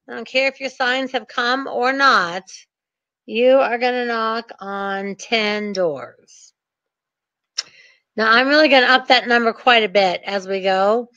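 A woman coaching new real estate investors, chatty and quick to rant, with sarcastic asides. Her voice sits a little high. The recording is dry and dull, with a lo-fi sound. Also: bright, forceful tone, dry recording. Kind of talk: energetic coaching talk.

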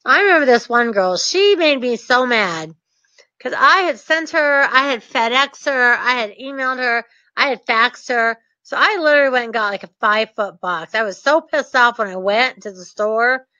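A woman telling a casual story to camera in an animated, laughing, mischievous way. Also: fairly high pitch, moderate pace, dry recording, muffled recording. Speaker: real estate dealmaker.

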